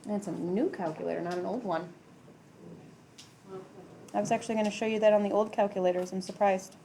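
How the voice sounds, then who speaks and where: A woman's voice: mid-range voice, steady tone, fairly quick, gravelly, dark tone, slight background noise. A middle-aged woman teaching a math class in a classroom, talking casually, using "like" a lot and asking the students questions. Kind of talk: classroom lecture.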